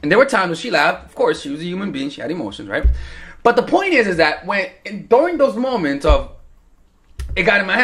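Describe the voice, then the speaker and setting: A man's voice: high-pitched, very animated, fairly quick, fairly bright tone. A young man, a dating coach, telling a casual story to women viewers and acting out quotes with swearing. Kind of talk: casual vlog advice.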